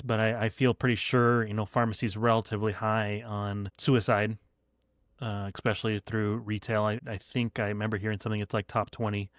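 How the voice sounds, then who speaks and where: A man co-hosting a podcast, speaking in a measured, reflective way with many fillers. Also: lowish voice, clean tone, no echo, clean studio sound. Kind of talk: casual podcast talk.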